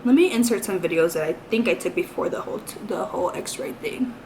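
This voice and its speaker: A woman's voice: mid-range voice, sing-song, fast talker. Young woman vlogging, chatty storytime, says like a lot, bit of faint noise behind. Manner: chatty, rambling, heavy use of "like" and "you know". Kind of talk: casual storytime vlog.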